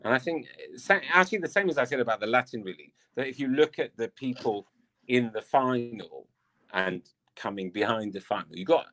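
A man's voice: mid-range voice, a little fast, a bit bright. A man from England, a dance teacher and coach, chatting casually as an interview guest, rambling with lots of "I mean".

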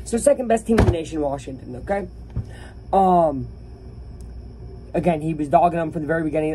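Animated young man ranting about sports. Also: fairly high pitch, a little fast, pauses often, slight background noise. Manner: animated, opinionated, talks to viewers. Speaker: YouTuber. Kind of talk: casual sports rant to camera.

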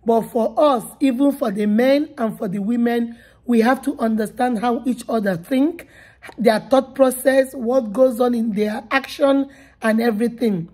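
A woman's voice: a little high, measured pace, a little mellow, slightly rough. A woman hosting a channel, speaking earnestly and directly to her viewers after a sermon clip. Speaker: channel host. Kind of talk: casual commentary to viewers.

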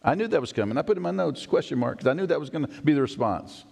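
A man preaching a sermon as pastor, conversational and animated, asking the congregation rhetorical questions. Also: on the high side, rapid-fire, creaky, slightly rough. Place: church sanctuary. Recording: long hall reverb.

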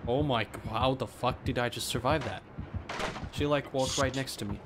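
A man's voice: mid-range voice, normal speed, background noise. A man playing a co-op game in casual chat, swearing a lot, breaking into panicky outbursts and laughter. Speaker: gaming partner.

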